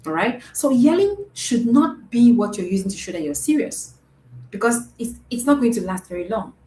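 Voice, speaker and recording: A woman's voice: on the high side, sing-song, normal speed, mellow. A woman coaching parents in an earnest, repetitive way, often checking in with "right?". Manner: earnest, repeats points, asks "right?" often. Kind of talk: live-streamed talk to parents. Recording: echoey room with faint noise.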